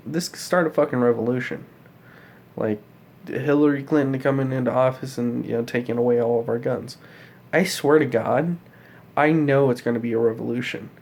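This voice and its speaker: A man's voice: medium pitch, darkish tone. A man in his twenties talking in a casual vlog, rambling and swearing, with many fillers. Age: 20s. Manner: rambling, profane, full of fillers. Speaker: vlogger.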